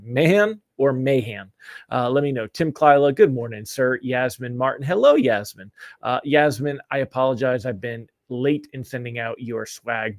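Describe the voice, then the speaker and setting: Man, live rate-update host, chatty, upbeat, a bit stuffy, middle pitch, dry close sound. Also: a little mellow, no echo. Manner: upbeat, chatty, greets viewers by name. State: stuffy from allergies. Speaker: daily mortgage rate show host. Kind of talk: live-streamed market update.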